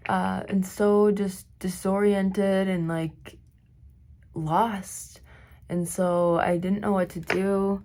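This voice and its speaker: A woman vlogging while doing her makeup, telling a long personal story in a rambling, filler-heavy way, her voice slightly hoarse. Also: medium pitch, level tone, takes it slowly, a little mellow. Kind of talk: get-ready-with-me storytime.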